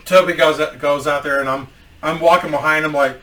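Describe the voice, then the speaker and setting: A man telling a comic story with animated delivery and constant swearing. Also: on the high side, brisk. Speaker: comedian storyteller. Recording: roomy echo, mic at a distance.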